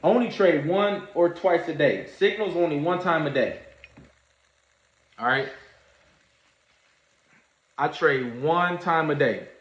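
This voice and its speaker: A man telling a story in a casual livestream, animated and slangy, acting out what others said. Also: on the high side, slow, pauses often. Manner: animated storyteller, acts out quoted voices, Southern US slang. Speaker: trading streamer. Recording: echoey room, dull lo-fi sound.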